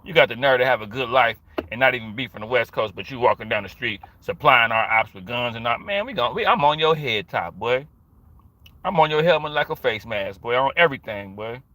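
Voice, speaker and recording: Loud slangy guy on a stream, real bright tense voice, dry close sound. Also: mid-range voice, animated, a little fast, dry recording. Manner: slangy, boisterous, storytelling with put-on voices. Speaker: streamer reacting to news. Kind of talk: animated live-stream commentary.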